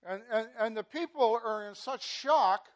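An unhurried man with a high voice preaches as a pastor, keeping the sermon conversational. Words get repeated, "you know" comes up often, and his volume shifts from forceful emphasis to soft asides.

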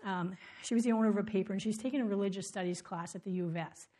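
Warm-voiced woman telling stories. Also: mid-range voice, rapid-fire, no echo. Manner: animated storyteller, many fillers and restarts. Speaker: speaker at a community ministry event. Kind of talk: personal storytelling talk. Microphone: microphone.

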